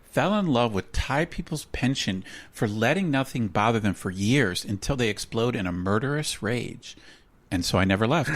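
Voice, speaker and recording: A man's voice: medium pitch, expressive, moderate pace. An American man in his forties co-hosting a podcast, reading promos with dry humor in a casual chat. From United States. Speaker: podcast co-host.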